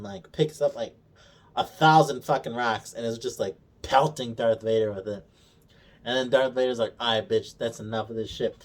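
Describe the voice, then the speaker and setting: Sarcastic man swearing through a recap. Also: mid-range voice. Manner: sarcastic, swears a lot, acts out characters' lines mockingly. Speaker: show co-host reviewing a TV series. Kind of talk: casual profane recap.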